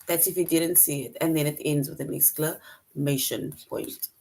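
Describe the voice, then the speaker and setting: Her voice is low, mellow, and creaky, at a normal speed, as she leads an online grammar lesson for children. The young teacher is patient and methodical, acting out each example sentence while explaining.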